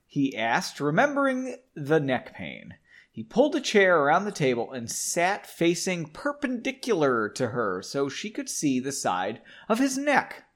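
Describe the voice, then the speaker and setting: A man's voice: on the high side, wildly swooping pitch, unhurried. A man hosting a podcast where he reads his own book, breaking off for wry, self-interrupting asides. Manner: self-interrupting, wry, rereads lines in new voices. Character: weary male hero, reading his own lines. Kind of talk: casual reading with joking asides.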